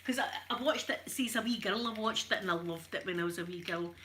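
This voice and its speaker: Bright-voiced chatty Scottish woman. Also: medium pitch, fast talker, slight background noise. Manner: chatty and joking, laughs often. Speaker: ASMR creator. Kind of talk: casual ASMR chat while ironing.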